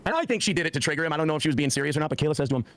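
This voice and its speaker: A man in his forties tells a heated story at a rapid clip, his pitch swinging widely as he acts out other people's lines. His voice sits a little high, and he swears freely. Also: expressive, fairly bright tone. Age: 40s. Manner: profane, heated, acts out quoted speech. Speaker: guest telling a personal story. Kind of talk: animated storytelling on a podcast.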